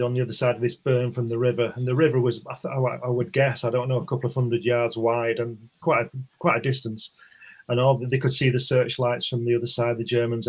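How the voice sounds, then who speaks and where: A man casually telling a long war anecdote on an online stream, rambling with restarts and chuckles. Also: medium pitch. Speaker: comic artist guest. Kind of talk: casual storytelling chat. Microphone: online stream call.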